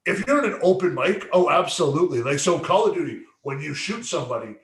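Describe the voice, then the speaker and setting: A man's voice: fairly high pitch, sing-song, fast talker, a bit bright, reverberant. A man co-hosting a casual late-night stream, stammering and repeating words, swearing freely. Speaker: podcast co-host.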